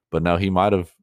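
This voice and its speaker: A man's voice: sits low, no echo, clean studio sound. A man giving reaction commentary on a show, earnest and openly moved, rambling with many fillers and restarts.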